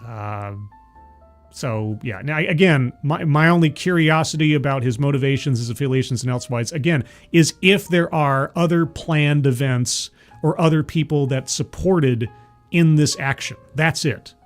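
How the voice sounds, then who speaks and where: A man with a somewhat high voice hosts a political commentary livestream, sardonic and loose, stumbling through restarts and fillers as he reads out viewer chat. Faint music plays softly underneath. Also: moderate pace. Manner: rambling with frequent fillers and restarts. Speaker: livestream host.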